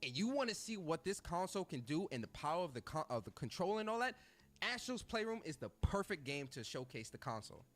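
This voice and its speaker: A man's voice: a little high, sing-song, fairly quick, fairly bright tone. A man ranting about a game console, repeating his points with emphatic, joking exaggeration. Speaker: video creator ranting about games. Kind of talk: animated rant commentary.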